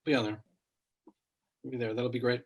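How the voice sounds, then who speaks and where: A man's voice: mid-range voice, little pitch movement, fairly quick. A man who directs, talking in a rambling, hesitant way on a video call. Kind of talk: casual video call chat.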